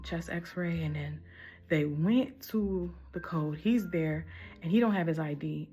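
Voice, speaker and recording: A woman's voice: deep voice, dark tone. A woman telling a casual storytime in a candid, rambling, emphatic way, full of casual slang.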